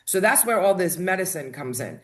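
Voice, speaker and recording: A woman's voice: fairly low pitch, sing-song, a little fast. Brief: woman hospice nurse as guest, emphatic storyteller, keeps checking in with "right?". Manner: emphatic, tells stories, repeats "right?". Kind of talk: candid interview talk.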